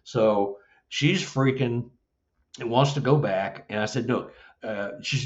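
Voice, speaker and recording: Animated storytelling man, muffled audio. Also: moderate pace. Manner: animated, acts out dialogue with rising pitch. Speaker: Sasquatch investigator, guest. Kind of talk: storytelling in an interview. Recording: dull lo-fi audio.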